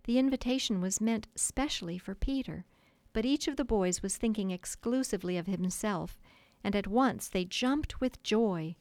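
Woman, audiobook narrator, measured, expressive, mid pitch, dry close recording. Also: dry recording. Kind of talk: scripted narration. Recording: dry close studio sound.

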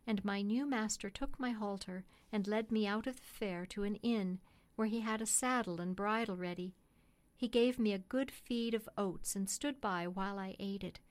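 A woman narrating a classic storybook in a steady, gentle, measured way. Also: medium pitch. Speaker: audiobook narrator.

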